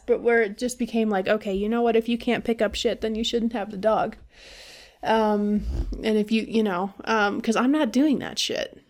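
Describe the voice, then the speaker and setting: A woman hosting a podcast, talking casually and venting with a lot of swearing and laughter. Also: mid-range voice. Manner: profane, venting, animated with laughs. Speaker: podcast host. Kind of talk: casual monologue.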